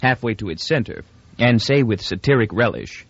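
Male audiobook narrator, expressive, dry close sound, dull lo-fi recording. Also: medium pitch, normal speed, dry recording. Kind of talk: scripted narration.

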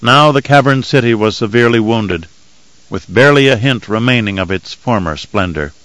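A man reading an audiobook in measured, even scripted narration. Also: medium pitch, no echo, low-quality recording.

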